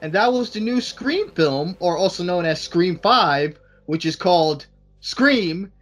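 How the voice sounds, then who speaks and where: A man co-hosting a podcast in casual chat, animated and sometimes trailing off to restart his thoughts. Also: sits high, a little slow, faint music behind. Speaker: podcast co-host.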